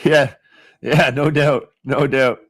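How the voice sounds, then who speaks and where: A man's voice: medium pitch, fairly even intonation, takes it slowly. A man co-hosting a comedy podcast, joking loosely and laughing often. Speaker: podcast co-host. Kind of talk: casual comedy podcast chat.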